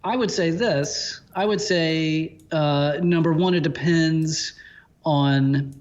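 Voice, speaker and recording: A man co-hosts a casual podcast and keeps up a run of jokes and quick asides. His voice sits a little high. The recording sounds somewhat dull and muffled. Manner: joking, upbeat, quick asides. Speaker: podcast co-host. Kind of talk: casual chat.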